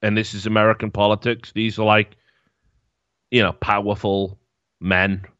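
A man's voice: on the low side, flat delivery, normal speed, a bit bright, dry recording, muffled recording. A man hosting a podcast in casual chat, sarcastic, swearing and laughing as he talks. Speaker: podcast host.

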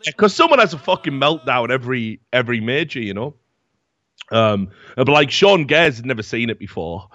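A man's voice: mid-range voice, lively intonation, a little fast, fairly bright tone, dry recording. A young man telling rambling, profane stories in a casual chat as podcast host. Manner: rambling, profane storytelling with many fillers. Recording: dull, dry lo-fi mic.

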